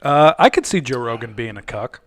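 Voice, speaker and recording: A man's voice: mid-range voice, sing-song, brisk, no echo. Man, podcast co-host, rowdy, tipsy, swears a lot, dry close sound. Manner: boisterous, jumps between topics, swears. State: drinking. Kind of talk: casual drinking chat.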